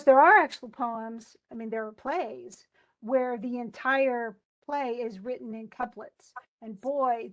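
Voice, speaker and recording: A woman teacher giving a loose, chatty lecture on poetry, full of restarts and asides. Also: on the high side. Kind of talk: recorded class lecture.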